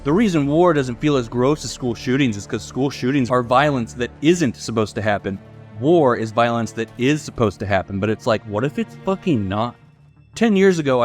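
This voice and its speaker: A young man from the United States reads a scripted video essay in a sardonic, opinionated tone, swearing freely. His voice sits at a middle pitch. Soft music plays faintly underneath. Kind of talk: scripted commentary narration.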